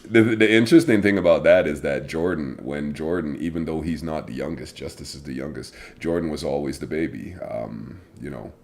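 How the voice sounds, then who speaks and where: A man with a very low, deep voice talks about family life in a loose, colloquial way. He laughs easily and teases playfully between stretches of earnest reflection. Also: fairly quick, few pauses, a little mellow. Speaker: family show co-host, father. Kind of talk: casual family chat.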